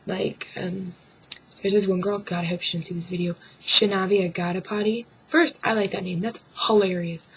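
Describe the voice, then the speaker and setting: A woman's voice: mid-range voice, steady tone, moderate pace, slight background noise. A woman vlogging to her webcam at home, rambling through a joking rant and dropping into mock voices and whispered asides. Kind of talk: casual comic rant to camera. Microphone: webcam microphone. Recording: dull lo-fi webcam sound.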